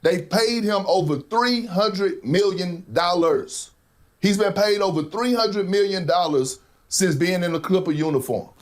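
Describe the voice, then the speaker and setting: A man's voice: high-pitched, unhurried. A man giving sports debate commentary in an emphatic way, repeating his key numbers. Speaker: sports analyst.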